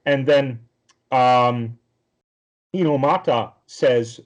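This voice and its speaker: A man's voice: mid-range voice, slow pace. A man co-hosting a podcast, recapping a cartoon episode in casual chat that rambles with lots of filler words. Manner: rambling, with many fillers and restarts. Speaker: podcast co-host.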